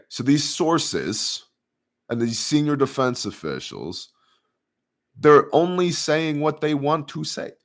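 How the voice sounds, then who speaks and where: A man hosting a casual news commentary show, talking in a sarcastic, profane, conspiratorial way and reading viewer emails. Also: mid-range voice.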